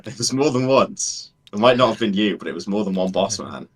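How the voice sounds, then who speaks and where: Brief: low-leaning guy with a bouncy pitch, self-mocking player banter. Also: expressive, fairly quick, slightly rough. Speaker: tournament player on a call. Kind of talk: casual chat on a voice call.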